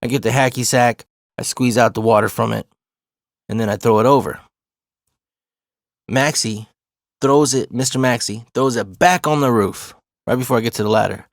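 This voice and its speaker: A man in his forties tells a personal story in a loose, swearing, street-talk way. His voice has a gravelly edge. The sound is dry and close, with no room around it. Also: medium pitch, normal speed, pauses often, no echo. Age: 40s. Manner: profane, laid-back street talk.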